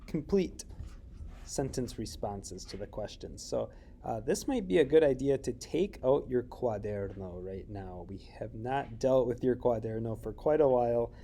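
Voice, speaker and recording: A man teaching a recorded Spanish lesson, explaining slowly with many fillers and checking questions. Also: medium pitch, dark tone, slight background noise.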